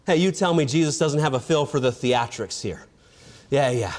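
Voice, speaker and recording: A man preaching an evangelistic sermon, building to loud shouted passages and then dropping to a low, quiet delivery. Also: lively intonation, normal speed.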